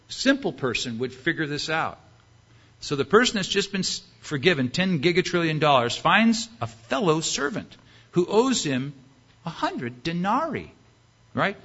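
A man's voice: on the high side, pushed and bright, slightly rough. Guy preaching, acts out the story, asks the crowd questions, kinda muffled recording. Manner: dramatic, acting out the characters with rhetorical questions. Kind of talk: sermon.

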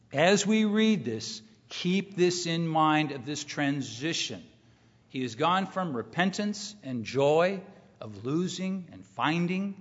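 A middle-aged man preaching a sermon, emphatic, repeating key phrases and rising in pitch when he quotes scripture. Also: fairly bright tone. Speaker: pastor. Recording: muffled recording with long hall reverb.

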